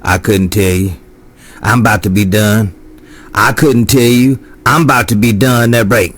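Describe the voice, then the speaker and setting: A man's voice: on the low side, steady tone, moderate pace, husky. A man talking casually over a CB radio handset, drawling and repeating his catchphrases. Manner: drawling, repeats "no doubt about it". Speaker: CB radio operator. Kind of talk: CB radio chatter.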